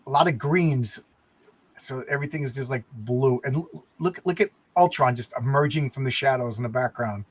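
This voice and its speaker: A man's voice: medium pitch, normal speed. A man co-hosting a casual talk about comic books, rambling and often repeating words as he thinks. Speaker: podcast co-host. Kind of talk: casual comic book discussion.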